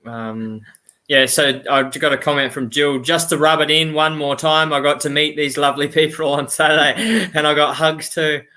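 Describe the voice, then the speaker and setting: A man's voice: on the high side, steady tone, normal speed, bright, forceful tone. A man with an Australian accent hosting a casual live stream chat, reading viewer comments aloud and laughing often. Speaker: livestream host.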